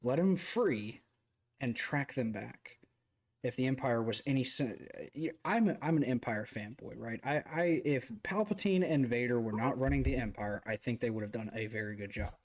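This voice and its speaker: Rambling, animated male streamer. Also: medium pitch, normal speed. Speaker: streamer host. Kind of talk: casual chat.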